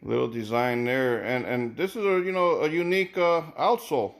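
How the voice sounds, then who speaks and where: A man's voice: mid-range voice, moderate pace. A man casually reviewing sneakers, thinking aloud with many repeated words and restarts. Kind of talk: casual unboxing commentary.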